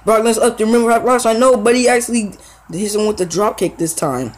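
Young guy with a high voice, hyped slangy commentary over his game. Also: quick pace, poor audio. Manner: slangy, excitable play-by-play with fillers. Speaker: gaming YouTuber. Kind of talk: casual gameplay commentary.

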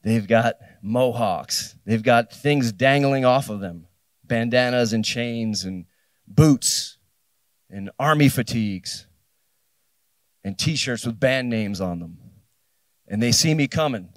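A man's voice: medium pitch, takes it slowly, no room sound. A man in his fifties from New Jersey, telling a personal story on a festival stage and acting out the dialogue. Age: 50s. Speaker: keynote speaker. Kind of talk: live storytelling talk.

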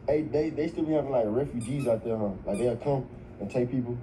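A man's voice: medium pitch, brisk, a crowd in the background. A man in casual group chat, bantering in slangy, joking talk. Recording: noisy casual recording.

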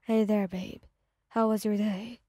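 A woman reading the part of a cheerful, caring young man who speaks softly and reassuringly. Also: medium pitch, flat delivery, unhurried, no room sound, clean studio sound, close to an everyday voice. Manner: soft, reassuring. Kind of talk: fanfic audio reading.

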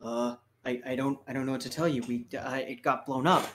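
A man's voice: mid-range voice, steady tone, brisk, fairly bright tone, a little hiss or hum, close to an everyday voice. A man voicing a nervous young male soldier who stammers and hesitates.

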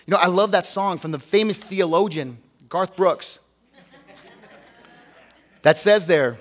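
Pastor, male, high-pitched, earnest, conversational sermon with rhetorical questions. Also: unhurried.

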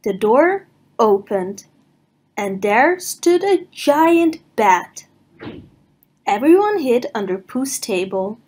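A woman reads a picture book to small children, taking her time over every line. Her voice rises and falls in a lively sing-song, and it carries a soft, breathy edge. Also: a little high, slow. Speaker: storybook reader. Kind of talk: children's read-aloud narration.

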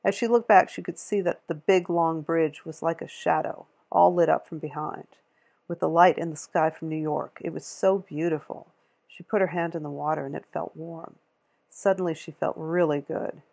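Gravelly-voiced woman reading a novel. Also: low-pitched, fairly even intonation, moderate pace, a little mellow. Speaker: audiobook reader.

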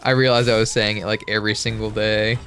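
A man's voice: on the low side, flat delivery, quick pace, slight background noise. A man co-hosting a gaming video, chatting casually and jokingly while he plays. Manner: goofy, jokey, bursts into loud silly voices. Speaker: gaming channel co-host. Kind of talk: casual let's-play chat.

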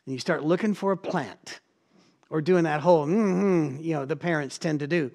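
A middle-aged man preaching a sermon as pastor, telling stories with energy and acting out the voices of the people he quotes. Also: fairly high pitch.

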